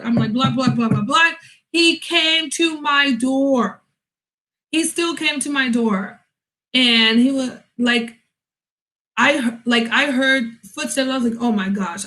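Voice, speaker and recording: A young woman chats to camera from home with a high, bright voice. She tells a story with a lot of animation and acts out each side of the conversation herself. The talk stays casual and unscripted. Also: rough recording. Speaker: vlogger.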